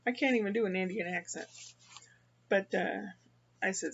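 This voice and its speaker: An older woman from the Midwest talks in a loose, rambling way, stopping and restarting her sentences often. Her voice has a gravelly, creaky edge at a middling pitch. The recording sounds slightly dull and lo-fi. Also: a bit bright. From American Midwest. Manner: rambling, halting, with many restarts. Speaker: vlogger. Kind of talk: casual personal monologue.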